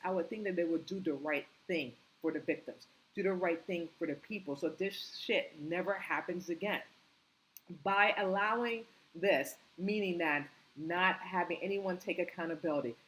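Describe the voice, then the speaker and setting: A woman delivering an impassioned opinion monologue, indignant and repetitive, firing rhetorical questions and climbing in pitch when angry. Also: low-quality recording. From United States. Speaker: political commentary vlogger.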